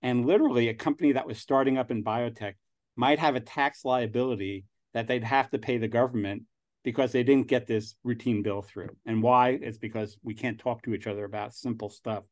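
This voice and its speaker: A man's voice: medium pitch, fairly even intonation, fairly quick, a little mellow. A man in his sixties with a New York accent, a guest talking casually in an interview and rambling with frequent restarts. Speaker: angel investor guest.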